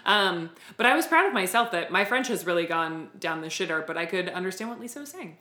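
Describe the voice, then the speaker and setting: A woman's voice: lowish voice, expressive, fast, pushed and bright. Wry woman recapping a show, roomy sound. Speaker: podcast co-host. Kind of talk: casual recap chat. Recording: roomy echo.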